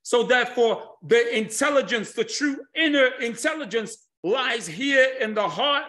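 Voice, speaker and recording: Energetic male speaker, high-pitched for a man, animated lecturing delivery. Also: measured pace. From United Kingdom. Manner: energetic, animated presenting with audience tasks. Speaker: history and culture speaker. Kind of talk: lively lecture.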